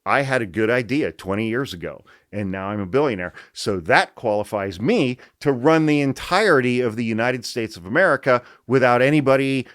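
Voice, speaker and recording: A man voicing an arrogant tech billionaire in a lower, smug, entitled tone. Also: animated, a little fast, hardly any pauses, a bit bright, no echo, clean studio sound, close to an everyday voice. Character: arrogant self-important male tech billionaire.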